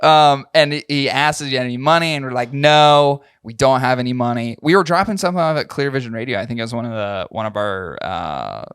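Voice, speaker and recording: A man's voice: mid-range voice, animated, quick pace, hardly any pauses, a bit bright, clean tone, no echo, studio quality. A young adult man co-hosting a podcast in casual chat, crude and joking, often laughing as he tells stories. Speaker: podcast co-host.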